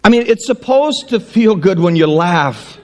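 Before a congregation, this pastor delivers a sermon full of lively stories and self-mocking humor. He speaks in a high-pitched voice and takes his time.

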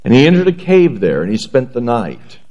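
A man preaching a sermon, reading scripture aloud in a measured, earnest way before praying and beginning his message. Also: mid-range voice, wildly swooping pitch, dark tone, highs cut off. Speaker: pastor.

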